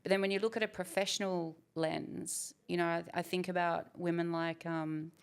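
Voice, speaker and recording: A woman's voice: on the low side, flat delivery, normal speed, creaky, smooth. A woman in her forties, a guest speaking candidly and reflectively in a conversational interview. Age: 40s. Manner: reflective, candid, with frequent fillers.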